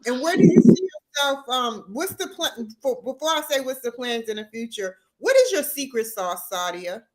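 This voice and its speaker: A woman's voice: a little high, very animated, normal speed. A woman hosting a casual interview show, effusive and encouraging toward her guest. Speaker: talk show host.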